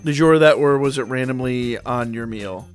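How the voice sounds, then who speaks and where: A man live-streaming a game chats casually with his viewers and answers their messages, rambling and swearing. His voice is medium in pitch and fairly quick, with faint music in the background.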